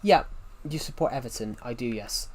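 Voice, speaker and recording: A man's voice: mid-range voice, animated, normal speed, a little hiss or hum. A young British man in his twenties chatting casually on a live stream, rambling with many restarts and questions to his viewers. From United Kingdom. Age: 20s.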